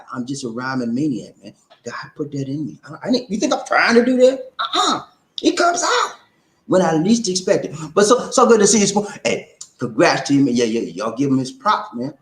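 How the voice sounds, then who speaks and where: A man's voice: medium pitch, a little mellow, roomy sound, low-quality recording. A man hosting a casual live show, playful, chanting call-and-response lines and slipping into rhymes. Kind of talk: casual live-stream chat.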